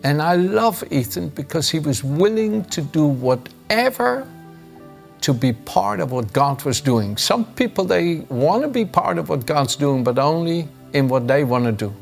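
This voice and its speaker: A man's voice: fairly high pitch, big pitch swings, a little slow, creaky, soft background music. A man preaching a devotional sermon, reading scripture and telling stories in an earnest way with frequent chuckles. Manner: earnest storytelling, chuckles often.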